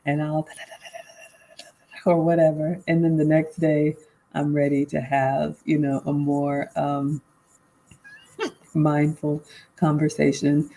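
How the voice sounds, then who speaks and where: A woman's voice: low voice, little pitch movement, slow, long pauses, mellow, poor audio. A woman in her forties hosting a casual live Q&A, reading viewer comments aloud and answering them conversationally. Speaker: livestream host and life coach.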